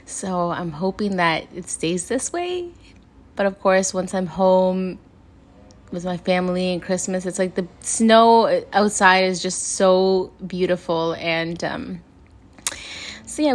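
A woman's voice: mid-range voice, fairly bright tone. Chatty young woman hosting a solo podcast. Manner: chatty, addresses listeners as "you guys". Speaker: podcast host. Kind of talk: casual solo podcast storytelling.

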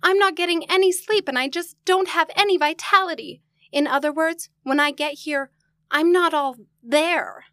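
An actress playing a scatterbrained, sweetly naive young secretary in a 1940s radio sitcom, with a wide-eyed, innocent delivery. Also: female voice, very high voice, moderate pace, sharp tone, no room sound, studio quality. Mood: earnest.

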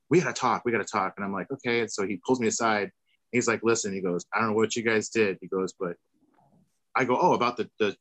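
A man's voice: fairly low pitch, a bit bright, dry recording, poor audio. Man telling a rambling tour story. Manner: rambling, acts out quoted voices. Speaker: tour manager guest. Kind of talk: casual storytelling.

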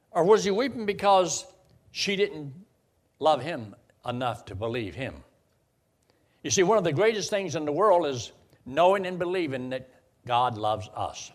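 A man's voice: fairly high pitch, big pitch swings, a little slow. A man preaching a sermon in a conversational way, building to emphatic bursts. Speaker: pastor.

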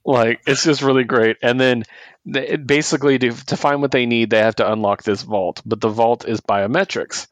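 A man co-hosting a comic book podcast, retelling a story in a casual, animated way and laughing often. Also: mid-range voice, moderate pace, no room sound. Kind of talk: casual chat.

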